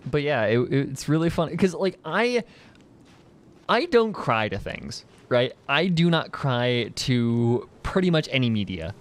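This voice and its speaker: This young man talks with his chat as he plays a game, rambling casually and laughing a lot, with many fillers and restarts. His medium-pitched voice swings widely in pitch, and he speaks a little slowly.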